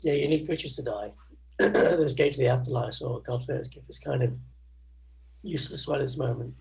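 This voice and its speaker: A man's voice: medium pitch, brisk, gravelly, a little mellow. A British man from the United Kingdom chatting casually about a card game, easygoing and giving brief replies.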